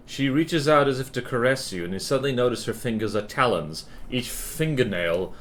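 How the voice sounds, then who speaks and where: A man's voice: medium pitch, expressive, a little fast, hardly any pauses, a bit bright. A man streaming a video game, reading its text aloud and joking in casual commentary. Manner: jokey, reads game text aloud between quips.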